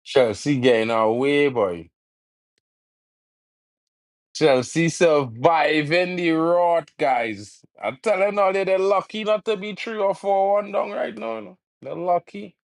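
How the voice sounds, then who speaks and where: A man hosts a live football watch-along stream, drawling his words out slowly and letting each jab hang. He teases rival supporters in heavy island slang and shouts his complaints at the referee. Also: a little high, creaky. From Trinidad and Tobago. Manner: teasing, trash-talking rival fans in local slang; yells at the referee over fouls.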